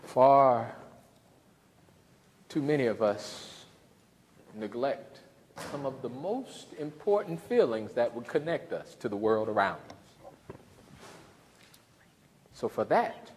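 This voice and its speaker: A man giving a lively, humorous storytelling lecture in a lecture hall and calling out to the audience. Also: mid-range voice, takes it slowly, long pauses. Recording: reverberant hall, faint noise.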